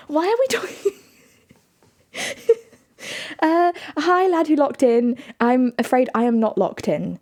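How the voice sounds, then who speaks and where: A young woman livestreamer chats casually with her viewers in a mellow, mid-range voice. She comes across as giggly and rambling, often poking fun at herself.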